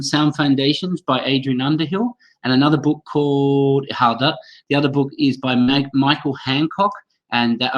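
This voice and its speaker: A teacher trainer hosts a live webinar for teachers, speaking enthusiastically in a medium-pitched voice over a computer mic with dull audio. He calls on attendees by name and models pronunciation aloud.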